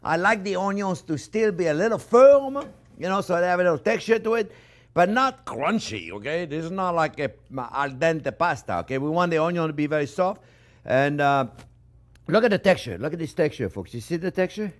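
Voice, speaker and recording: Man, middle-aged, cooking show host, animated, chatty, slightly high voice. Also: brisk. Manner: animated, chatty, keeps asking "okay?". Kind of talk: cooking demonstration.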